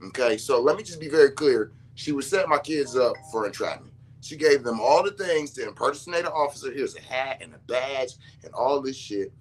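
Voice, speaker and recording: Man, casual storyteller, animated, cusses a lot, mid-range voice. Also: medium pitch, a little fast, hardly any pauses, husky. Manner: animated, laughing through his words, swearing freely. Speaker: father telling a story.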